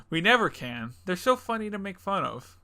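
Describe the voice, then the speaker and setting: Bright-voiced joking young podcast host. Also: male voice, high-pitched, gravelly. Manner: jokey, laughing, rambling with restarts. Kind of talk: casual chat.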